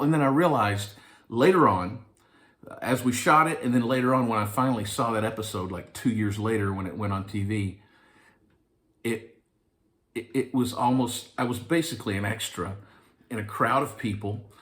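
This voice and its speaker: A man's voice: medium pitch, normal speed, long pauses, a bit bright. Wry self-mocking male storyteller. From Arkansas. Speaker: actor. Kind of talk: anecdotal storytelling.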